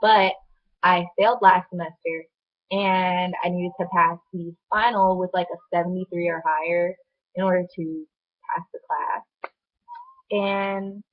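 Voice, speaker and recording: A young woman telling a personal story to camera in a chatty, animated way, full of "like" fillers. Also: on the low side. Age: young adult. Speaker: vlogger. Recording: dull lo-fi sound.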